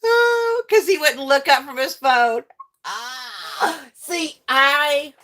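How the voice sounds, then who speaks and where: Middle-aged woman, fairly high voice, chatty livestream host who laughs a lot and calls out viewers by name. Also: lively intonation, extremely slow, bright, forceful tone. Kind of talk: casual chat with viewers while crafting.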